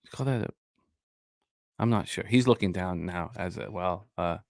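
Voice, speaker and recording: Deadpan joking man host, dry sound. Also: deep voice, normal speed, vocal fry, dry recording. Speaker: sports betting show host. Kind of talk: casual live-stream banter.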